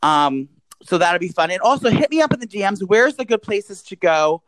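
A man's voice: sits high, sing-song, moderate pace, a bit bright, dry recording. A young man co-hosting a podcast, campy and crude, rambling in casual chat. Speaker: podcast co-host.

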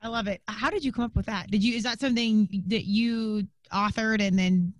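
Brief: quick, eager podcast host, dry close sound, encouraging. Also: medium pitch, steady tone, no echo. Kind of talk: casual chat.

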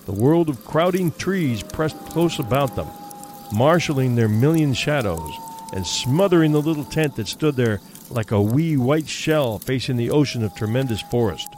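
A man's voice: medium pitch, a little mellow, slight background noise. Man narrating a ghost story. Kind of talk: audiobook narration.

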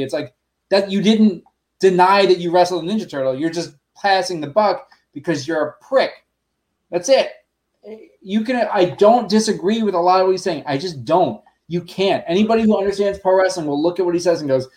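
A man's voice: high voice, a little fast, darkish tone. A man on a podcast ranting bluntly, swearing often in casual chat.

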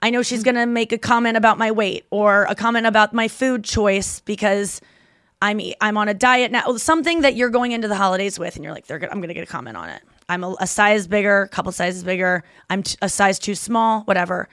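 A woman's voice: mid-range voice, a little fast, fairly bright tone, clean tone, dry recording, studio quality. A woman in her thirties hosting a podcast, chatting casually and retelling stories with quoted voices. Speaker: podcast host and comedian.

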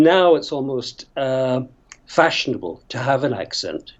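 Older Northern Irish actor guest, rambling raconteur, muffled remote audio. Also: male voice, mid-range voice, big pitch swings, measured pace, a little mellow. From Northern Ireland. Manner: chatty, rambling storyteller who laughs often. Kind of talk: casual interview storytelling.

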